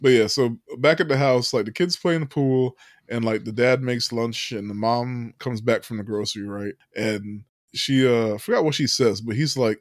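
A man's voice: mid-range voice, moderate pace, no echo, studio quality. A man co-hosting a podcast, recapping a film in casual chat, often laughing and acting out the characters' lines.

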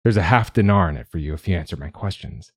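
A man's voice: low voice, lively intonation, fast, breathy edge, no echo, exaggerated voice. A blunt, weary slum woman, read by a man. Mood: exasperated. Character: weary, defiant young woman from the slums.

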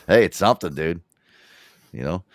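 A low-voiced male radio host from Connecticut, telling rambling stories with lively swings in his voice. He swears freely in a loose, animated way, recorded dry and close. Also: slow, dry recording. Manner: profane, rambling, animated storyteller. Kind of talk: casual radio chat.

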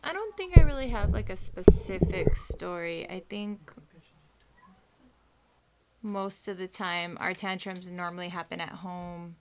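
A woman in casual chat, relaxed, laughing easily, sharing stories about her kids. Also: lowish voice, a little slow, noisy background.

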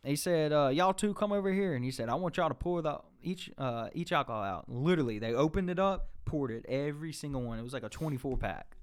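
A young man telling an animated, profane story on a casual podcast and acting out the voices of the people in it. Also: mid-range voice, fast, clear, resonant tone.

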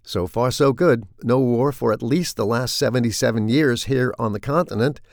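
A middle-aged man delivering scripted comic commentary with a dry, wry, deadpan manner. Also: mid-range voice, normal speed, no echo. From United States. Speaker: commentator hosting a weekly segment.

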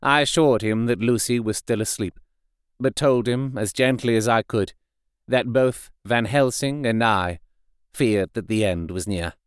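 Male audiobook narrator, measured and expressive, smooth voice, dry close sound. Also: mid-range voice, no echo.

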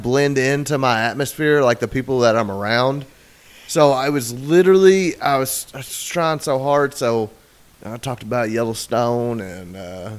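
A man telling a long, crude, rambling story on a casual podcast, often acting out other people's lines. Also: medium pitch. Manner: rambling, profane, acts out quoted voices.

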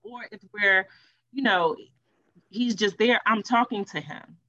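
A woman's voice: mid-range voice, a little slow, no room sound, lo-fi sound. A woman in her thirties chatting casually on a podcast, telling stories and acting out the voices of people she quotes. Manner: animated, acts out quoted voices. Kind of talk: casual storytelling chat.

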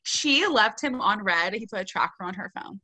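A woman with a bright, forceful voice talks through a book review in casual podcast chat. She is animated and swears freely, and she reads favorite lines in a dry, deadpan way. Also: mid-range voice, moderate pace.

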